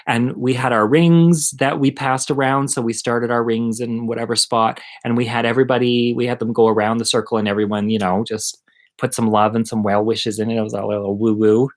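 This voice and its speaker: A middle-aged man telling a personal story at home in a chatty, animated, self-mocking way. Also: medium pitch. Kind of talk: casual storytelling monologue.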